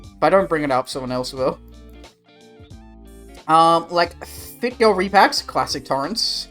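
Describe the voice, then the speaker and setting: A man's voice: on the high side, expressive, measured pace, fairly bright tone, soft background music. A young Australian man chatting casually with his stream viewers, rambling and swearing in a laid-back way. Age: young adult. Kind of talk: casual livestream chat.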